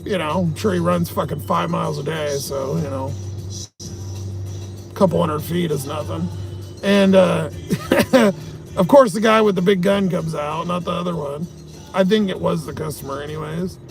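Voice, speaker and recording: A man's voice: fairly high pitch, normal speed, creaky, long pauses, soft background music. A man chatting on a live stream, telling a story in a loose, profane way and laughing often. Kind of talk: casual livestream storytelling.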